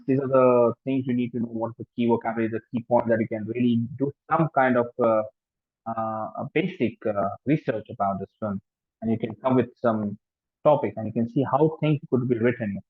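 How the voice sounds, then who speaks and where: A man's voice: mid-range voice, dry recording. A man with an Indian English accent gives an informal lecture as a French language teacher, hesitant, with many fillers and restarts. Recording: tinny phone-like sound, dry.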